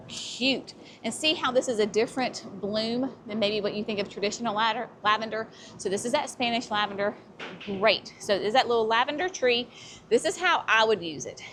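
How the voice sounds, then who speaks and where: A woman leads a casual walk-through of plants at a garden center, chatty and enthusiastic and saying "y'all" a lot. Her voice is on the high side and a bit bright, at normal speed, with a little hiss or hum.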